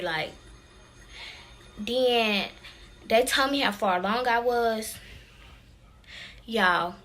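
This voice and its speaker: A young woman speaking tells her story to viewers in a lively, chatty way, calling them y'all. Her voice is bright and clear, pitched a bit high, with soft music playing underneath. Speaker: vlogger.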